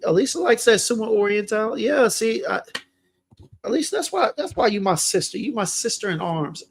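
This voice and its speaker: Chatty young man with a high voice. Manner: laid-back, chatty, reads viewer comments aloud. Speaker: fragrance livestream host. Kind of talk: casual livestream chat.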